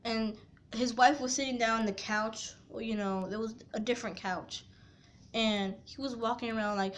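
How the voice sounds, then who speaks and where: A young woman in her late teens telling an upset personal story in a rambling casual way, swinging from quiet to loud and angry. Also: medium pitch, steady tone, moderate pace, slight background noise. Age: young adult.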